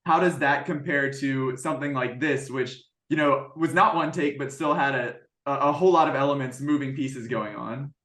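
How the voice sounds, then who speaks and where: A man's voice: mid-range voice, moderate pace, few pauses, a bit bright. Enthusiastic man in a roomy space. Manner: enthusiastic, rambling questions. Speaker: interviewer. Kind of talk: casual interview questions. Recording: roomy echo.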